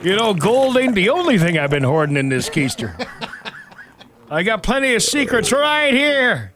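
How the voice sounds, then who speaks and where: A man's voice: high-pitched, sing-song, unhurried, noisy background. A male radio host playing a drunken, lecherous leprechaun with a fake Irish accent, in a bawdy morning radio comedy bit. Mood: leering. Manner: bawdy, boisterous, slurring joker. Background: bar sound effects.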